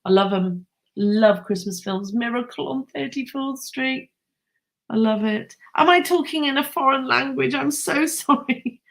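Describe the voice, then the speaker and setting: Chatty, excitable woman. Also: high voice, measured pace, creaky. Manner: chatty and excitable, rambling with laughs and self-corrections. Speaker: live stream host. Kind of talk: casual live chat with viewers.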